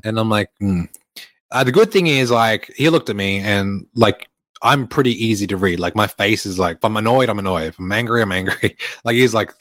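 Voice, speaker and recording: Recording at an airport, a young man who hosts his own podcast and works as an online fitness coach rambles through a casual solo monologue, swearing and using lots of filler words. His voice sits on the low side, a bit bright, with no echo.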